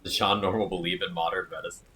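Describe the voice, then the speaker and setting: This fast-talking streamer has a low, husky voice with a sharp tone and steady delivery. He jokes and riffs casually while reading out his viewers' comments during a game. The audio is poor.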